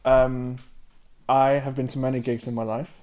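A man in his twenties co-hosting a podcast, speaking in an understated, measured way. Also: medium pitch, level tone, a little mellow. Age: 20s. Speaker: podcast co-host. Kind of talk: casual podcast chat.

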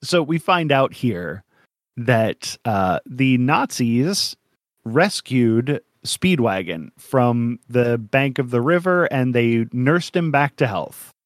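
A man's voice: mid-range voice, expressive, slow, no echo, clean studio sound. A man co-hosting a casual podcast, rambling with lots of fillers and frequent laughter. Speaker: podcast co-host.

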